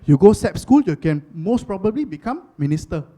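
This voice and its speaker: A stand-up comedian with a Singaporean accent and a fairly high man's voice. He talks in a chatty, conversational rhythm, loops back on his own phrases and punches them harder each time. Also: fairly quick. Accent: Singaporean English. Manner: animated, chatty, rhetorical repetition.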